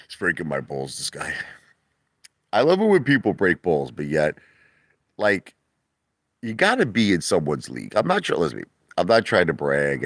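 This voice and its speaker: A man chatting casually on a livestream, rambling and boastful, sometimes laughing and putting on a mock falsetto. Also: vocal fry, fairly bright tone, no echo, clean studio sound. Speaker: livestream host. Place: outdoor hot tub at night.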